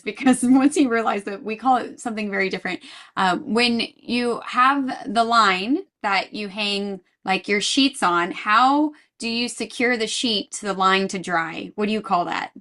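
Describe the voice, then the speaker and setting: A woman's voice: medium pitch, unhurried, fairly bright tone. A woman hosting a podcast interview, asking curious, friendly questions. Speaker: podcast host. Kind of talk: casual interview chat.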